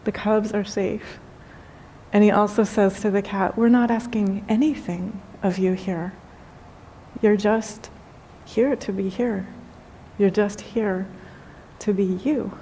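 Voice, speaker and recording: A woman, a spiritual teacher, giving a gentle, unhurried talk with storytelling and soft emphasis. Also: mid-range voice, fairly even intonation, a little hiss or hum. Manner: gentle, unhurried, softly emphatic, with light laughs. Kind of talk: spoken dharma talk with storytelling.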